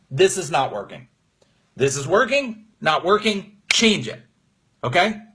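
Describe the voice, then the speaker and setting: A man with a fairly high, husky voice gives a motivational talk on a live call. He speaks with emphatic energy, as a coach rousing his audience. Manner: energetic, emphatic, gets emotional. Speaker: business coach. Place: his room at home.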